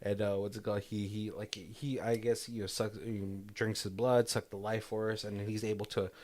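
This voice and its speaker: A man's voice: lowish voice, little pitch movement, normal speed, darkish tone. A man co-hosting a podcast, casually retelling a movie's scenes with frequent laughter and quoted lines. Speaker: podcast co-host. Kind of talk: casual movie commentary chat.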